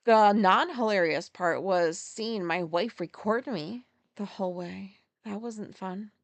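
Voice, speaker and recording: A woman's voice: medium pitch, takes it slowly, no echo. A woman hosting a podcast, telling a story in a candid, profane way and often laughing at herself. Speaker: podcast host. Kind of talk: casual solo storytelling.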